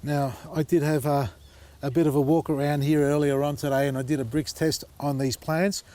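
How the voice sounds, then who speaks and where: A man's voice: on the high side, flat delivery, normal speed, mellow. Exasperated chatty man gardening. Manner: exasperated, chatty, addresses viewers as folks. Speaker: gardening channel host. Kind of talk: casual garden walk-through vlog. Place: outdoors in a vegetable garden.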